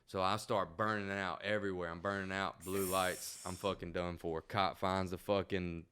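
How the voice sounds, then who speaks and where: A young man telling a wild story in casual, profane, animated chat. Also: deep voice, normal speed, a little hiss or hum.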